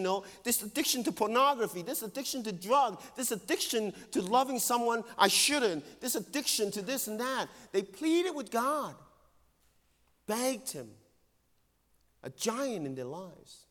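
Earnest preacher man with hall echo. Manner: earnest, swings between loud emphasis and hushed low tones. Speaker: pastor. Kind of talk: sermon. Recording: long hall reverb.

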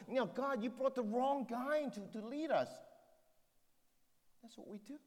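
Preacher guy firing off rhetorical questions, voice swooping all over, big echoey church hall. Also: high voice. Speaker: pastor. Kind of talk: sermon.

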